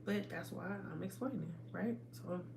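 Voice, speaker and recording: A woman's voice: on the low side, moderate pace, creaky, background noise. Emphatic woman hosting a hair livestream. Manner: animated, emphatic, addresses viewers as y'all. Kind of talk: casual livestream talk to viewers. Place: at home.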